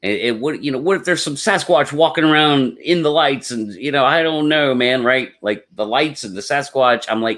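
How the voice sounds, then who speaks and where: On a live stream, a male podcast host rambles casually through a personal story, getting excitable and repeating his words. His pitch is medium, his pace moderate, and he barely pauses.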